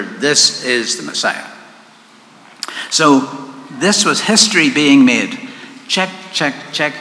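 A man preaches in a bright, clear voice, chatty and easygoing, circling back to repeat his words. His voice rings through a large echoey hall with a long reverb and faint noise behind it. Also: on the high side. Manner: conversational, with asides and repeated words. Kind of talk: sermon.

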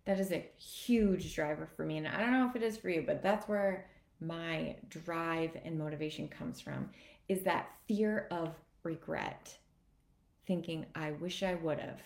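A woman's voice: sits low, measured pace, gravelly, a little mellow. A woman fitness coach giving an earnest, emotional motivational talk on a live video. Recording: echoey room.

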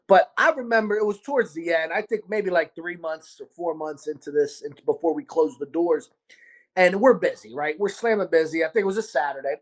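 Baltimore guy hosting a podcast, loud and profane, does the voices when he tells a story. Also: fairly high pitch, fairly quick. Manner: animated, profane, acts out quotes. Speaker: podcast host, restaurant owner. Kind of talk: casual storytelling chat.

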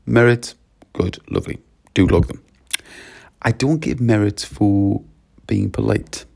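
Gravelly man coaching teachers. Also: fairly low pitch, unhurried. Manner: animated, coaching, uses lively quoted voices. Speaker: teacher trainer. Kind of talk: talk to teachers.

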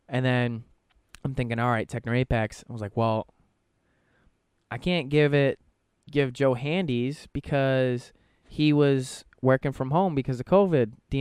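A young man co-hosting a podcast, telling a story in a casual, animated way and acting out what people said. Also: normal speed, smooth, no room sound, studio quality. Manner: animated, acts out quotes with shifting pitch and swearing. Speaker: podcast co-host.

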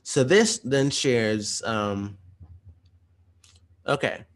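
A man walking through study questions in a fast, rambling, casual way, with lots of restarts. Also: mid-range voice, animated. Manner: chatty, retells stories in slangy voices. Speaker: teacher. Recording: voice message.

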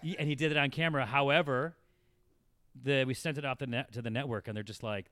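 A man's voice: mid-range voice, quick pace, dry recording. A man, around forty, telling a long anecdote in casual talk, rambling and laughing as it builds. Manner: rambling, laughing, animated when telling the story. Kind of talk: casual storytelling.

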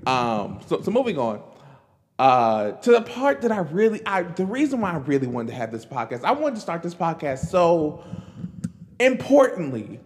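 A man's voice: a little high, long reverb tail. A man hosting his own podcast, talking casually and with animation, laughing often and stammering through restarts. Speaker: podcast host. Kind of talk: casual solo commentary. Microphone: camera recording himself.

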